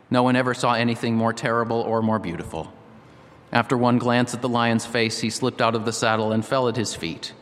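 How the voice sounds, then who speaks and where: A male pastor reads a story aloud and then turns to earnest, rhythmic appeals to his listeners. His voice sits at an ordinary pitch for a man. A long reverb trails after every phrase, as in a large hall. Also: fairly bright tone. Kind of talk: sermon with story reading.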